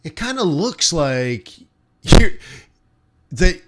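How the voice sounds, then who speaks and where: A man doing a halting, awkward boss. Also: a little high, very animated, very noisy, pitched above the performer's own voice, full character voice. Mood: hesitant. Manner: halting, full of ums and pauses. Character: awkward, hesitant male boss firing an employee.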